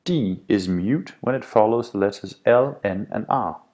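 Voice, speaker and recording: A man with a Danish accent, a native Danish speaker, teaching a pronunciation lesson and repeating each sound slowly. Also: lowish voice, darkish tone. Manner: spells out sounds slowly, repeats example words. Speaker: language teacher.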